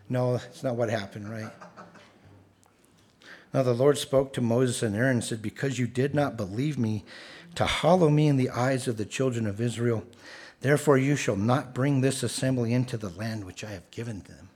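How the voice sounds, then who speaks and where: A man's voice: medium pitch, normal speed, a little mellow, husky. A man preaching a conversational sermon, reading scripture aloud and adding sarcastic asides.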